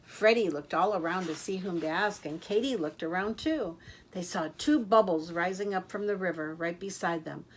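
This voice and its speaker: An older woman reading a children's picture book aloud in a lively, expressive way. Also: lowish voice, moderate pace. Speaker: storyteller. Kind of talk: children's story read-aloud.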